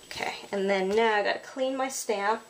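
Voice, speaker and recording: A woman's voice: medium pitch, moderate pace. Lady chatting thru a card making tutorial, lots of ums n sorrys, bit of hiss behind. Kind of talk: casual crafting tutorial narration.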